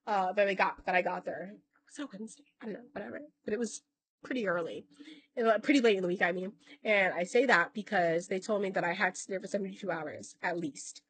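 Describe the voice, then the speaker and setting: A woman's voice: medium pitch, fast talker, husky, no echo. A woman vlogger telling a long personal story in casual talk, rambling, correcting herself and swearing now and then. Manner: acts out other people's lines in quoted voices.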